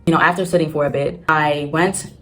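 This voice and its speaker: A woman vlogging candidly about her reading struggles, swearing freely and talking in long rushing run-ons. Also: low voice, steady tone, a bit bright, soft background music. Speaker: booktube vlogger. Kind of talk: casual storytelling vlog. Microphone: phone on a tripod.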